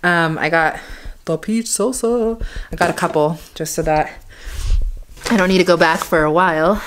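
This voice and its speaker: A woman's voice: on the low side, normal speed, a little hiss or hum, lightly acted. A young woman vlogging in a put-on Yorkshire accent, chatty and self-mocking. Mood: playful. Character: an American woman faking a Leeds accent. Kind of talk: casual vlog chat.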